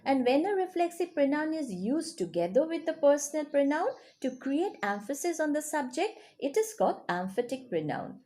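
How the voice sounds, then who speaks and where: A woman's voice: sits high, big pitch swings, normal speed, few pauses, warm tone. A woman teaching a grammar lesson to children, explaining patiently and checking in with questions. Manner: explains patiently, checks in with rising "yes?" and "okay?".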